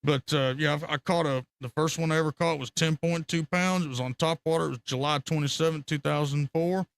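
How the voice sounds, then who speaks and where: A man's voice: on the high side, a little fast, vocal fry. A man telling rambling, profane fishing stories on a casual live stream. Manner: rambling, profane, animated storytelling with laughter.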